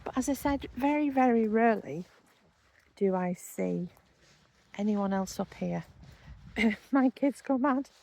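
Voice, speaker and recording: Gravelly-voiced chatty woman vlogger. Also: on the high side, lively intonation, measured pace, long pauses, warm tone, rough recording. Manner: chatty and rambling, full of ums, easy asides. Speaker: vlogger showing a walking spot. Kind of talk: casual walking vlog, tour-guide chat.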